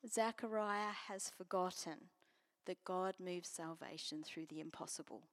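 A woman preaching a sermon and reading scripture, earnest, moving from strong emphasis to soft near-whispers. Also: on the low side, a little slow. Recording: long hall reverb.

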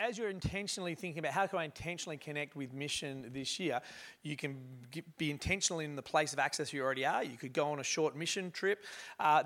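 Earnest pastor making announcements. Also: male voice, on the high side, fairly bright tone. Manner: earnest, repeats words, filler uhs. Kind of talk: church announcements from the pulpit.

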